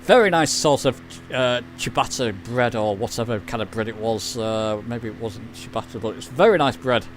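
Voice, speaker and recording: A man's voice: medium pitch, normal speed, few pauses, soft background music. A man chatting casually while streaming a flight simulator, rambling and reading chat aloud. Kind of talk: casual live-stream commentary.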